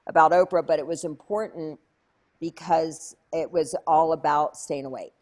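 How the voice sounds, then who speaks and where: A woman telling a story as an interview guest, lively and chatty, acting out other people's voices with many fillers. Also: low-pitched, normal speed. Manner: animated, acts out quoted voices, many fillers. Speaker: interview guest, speaker and coach.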